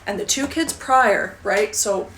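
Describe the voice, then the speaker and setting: A woman's voice: mid-range voice, a little slow, a bit bright, slight background noise. A woman telling a personal story in a casual, conversational vlog, talking from a sauna. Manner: casual, conversational, frequent fillers. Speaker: vlogger.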